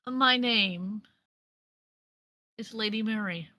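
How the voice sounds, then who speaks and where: A woman voicing a wry, motherly female spirit guardian who talks politely with a dry, gently scolding edge. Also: medium pitch, slow pace, no echo, poor audio.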